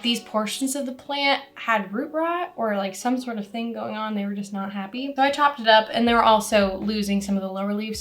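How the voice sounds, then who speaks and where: A woman's voice: fairly high pitch, a bit bright. A young woman with a slightly congested voice from a cold, chatting casually and rambling a little in a vlog. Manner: chatty, rambling, self-deprecating. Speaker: plant content creator. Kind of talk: casual vlog talk to camera.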